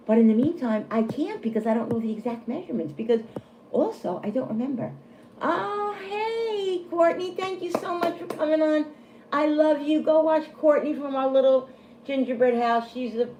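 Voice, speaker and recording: A woman's voice: a little high, dark tone. Middle-aged woman, livestream host, chatty and self-deprecating, rambling; echoey room. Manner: rambling, self-deprecating, full of restarts, greets viewers by name. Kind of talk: casual livestream chat. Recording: echoey room with faint room noise.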